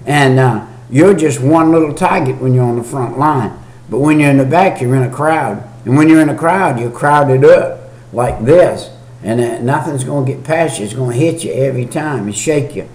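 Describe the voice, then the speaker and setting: A man preaches a homemade video sermon in a folksy, repetitive way. He reads scripture slowly and then explains it in plain talk. His voice sits a little high and bounces around a reverberant room. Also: darkish tone. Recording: echoey room.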